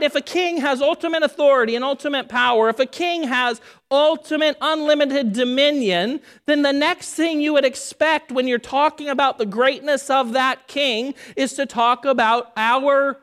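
A woman's voice: sits high, unhurried, few pauses. Emphatic woman preaching a sermon. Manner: emphatic, building through repeated phrases and dropping to hushed stresses.

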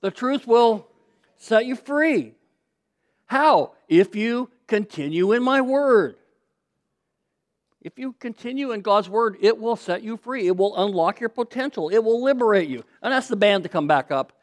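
A man with a notably high voice preaches a sermon from a stage mic. He drives his points home by repeating phrases and getting the crowd to answer back. His delivery is emphatic and built for a congregation. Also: animated, measured pace. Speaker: pastor.

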